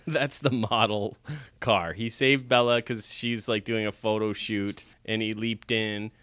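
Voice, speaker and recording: A man's voice: fairly low pitch, steady tone, unhurried, a bit bright, clean tone, no echo. A man co-hosting a comedic movie-review podcast, retelling the plot in a loose, joking way and swearing freely. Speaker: podcast co-host.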